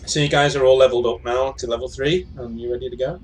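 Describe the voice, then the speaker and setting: A man running a tabletop role-playing session as game master, relaxed and halting, often restarting his sentences. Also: mid-range voice, soft background music. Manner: relaxed, halting, frequent restarts and clears throat.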